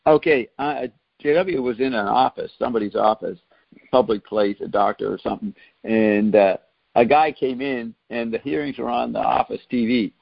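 Host: man with a gravelly, husky voice, quick to laugh, dull dry lo-fi sound. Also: medium pitch, dry recording. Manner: laughs often, asks short questions. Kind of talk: casual political chat.

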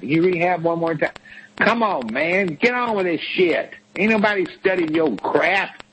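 A man's voice: sits high, lively intonation, moderate pace, a bit bright, slight background noise, rough recording. A man on a talk show, lecturing and scolding in a blunt, profane, emphatic way. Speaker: co-host. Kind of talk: blunt tough-love talk show rant.

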